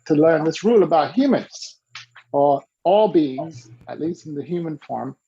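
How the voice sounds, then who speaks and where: A husky man with a gravelly edge tells an animated coaching story, bouncing between the voices of the people he quotes. He coaches the listener along and has them repeat his rules back. The recording sounds dull and lo-fi. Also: on the high side, a little slow. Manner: acts out quoted dialogue with lively shifts in voice. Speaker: business coach.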